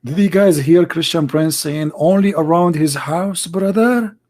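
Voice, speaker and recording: A man voicing a mocking caricature of an excited Muslim man who keeps asking "brother, did he say that?" in a raised voice. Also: fairly high pitch, a little slow. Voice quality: raised, insistent repeated "brother".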